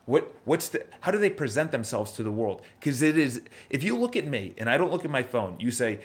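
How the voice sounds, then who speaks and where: A man's voice: mid-range voice, fairly quick, few pauses. A man in his thirties with a New York accent, talking live to his audience in a casual, motivational way, repeating phrases and restarting sentences. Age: 30s. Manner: energetic, conversational, repeats phrases, restarts often. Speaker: host of a live morning show. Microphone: live stream from his office.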